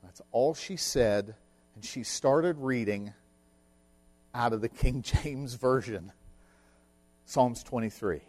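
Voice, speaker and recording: A man's voice: mid-range voice, slow, long pauses, darkish tone. A middle-aged man preaching a sermon, telling a personal story in an earnest, emphatic way. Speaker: pastor.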